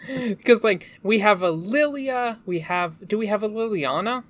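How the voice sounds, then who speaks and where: A woman's voice: medium pitch, moderate pace. A woman co-hosting a casual podcast, dry and teasing, with frequent fillers. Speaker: podcast co-host.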